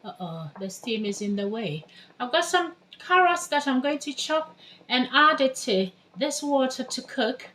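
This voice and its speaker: A woman's voice: sits high, animated, unhurried, pushed and bright, a little hiss or hum. A woman from Ghana giving a casual cooking demonstration in her home kitchen, chatting through each step as she works. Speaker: home cook.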